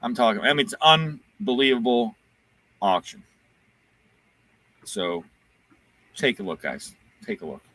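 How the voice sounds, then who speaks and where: A man hosting a casual chat as an auctioneer, lively and talkative, plugging his auctions. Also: mid-range voice, a little slow, pauses often. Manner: lively, quotes movie lines in put-on voices. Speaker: auctioneer and show host.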